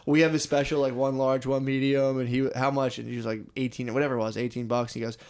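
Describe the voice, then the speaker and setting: A man's voice: mid-range voice, completely flat delivery, fast, darkish tone, clear, resonant tone. A young man co-hosting a comedy podcast, telling rambling, swear-filled stories and saying dude constantly. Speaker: podcast co-host. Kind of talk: casual comedy podcast chat.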